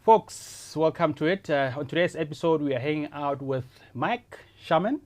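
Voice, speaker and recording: Lively podcast host. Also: male voice, fairly high pitch, moderate pace. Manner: lively, enthusiastic, lots of back-channel affirmations. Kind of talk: casual interview conversation.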